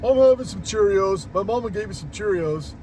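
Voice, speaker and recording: A man's voice: high voice, animated, a little fast, darkish tone, poor audio. A friendly male owl from a bedtime story chirps along in a raised, sunny voice. He sounds upbeat and chatty, with a man putting the voice on. There is a faint hiss under the recording. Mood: cheery.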